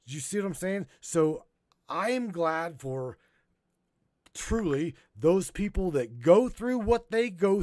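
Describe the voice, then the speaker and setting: A man hosting a live stream, rambling and swearing, halting and choked up as he talks. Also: fairly high pitch, a little mellow, dry recording, clean studio sound. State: choking up. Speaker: podcast host. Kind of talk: emotional live-stream monologue.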